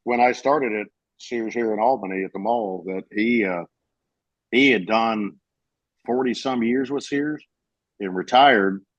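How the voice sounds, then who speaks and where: Low-voiced rambling storyteller man. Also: unhurried, dry recording, highs cut off. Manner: rambling storyteller with fillers and restarts. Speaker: podcast co-host telling a story. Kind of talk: casual chat.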